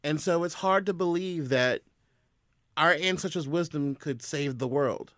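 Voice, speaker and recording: A man, a guest telling animated stories in a casual podcast conversation. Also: on the high side, unhurried, no room sound, clean studio sound. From US South. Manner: animated storyteller.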